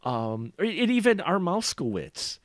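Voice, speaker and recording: A man's voice: high voice, very animated, measured pace, dry recording. A man from the upper Midwest co-hosting a podcast, rambling and laughing as he talks about films. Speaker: podcast co-host. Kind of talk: casual film discussion.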